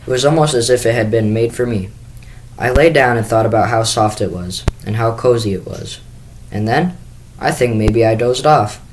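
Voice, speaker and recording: A man's voice: medium pitch, normal speed, slight background noise, poor audio. A man reading a children's book aloud in first person, with the occasional small restart. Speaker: school staff reader.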